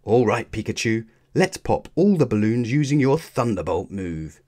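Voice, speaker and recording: A man reading aloud, voicing an eager, excitable young boy trainer with a breathless manner. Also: mid-range voice, normal speed.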